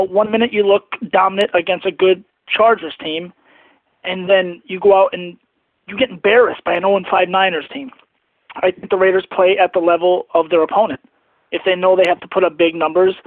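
A man's voice: sits high, no echo. A man in his twenties leaving an angry, disgusted voicemail about his team's loss. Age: 20s. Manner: angry, disgusted fan venting. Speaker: caller. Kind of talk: voicemail rant. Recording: tinny phone line, dry.

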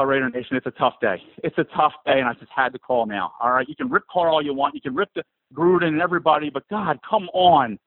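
Jersey guy in his 40s calling in all worked up, high swingy voice, husky, tinny phone line. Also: dry recording. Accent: New Jersey. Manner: fired-up, exasperated, pleading. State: has a cold. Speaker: caller. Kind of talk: emotional sports call-in rant.

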